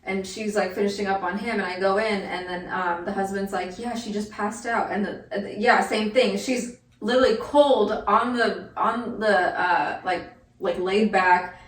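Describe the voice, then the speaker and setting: A woman who is a nurse, telling a clinical story in a relaxed, dryly humorous casual chat. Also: mid-range voice, normal speed. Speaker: nurse, podcast guest. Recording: echoey room, distant mic.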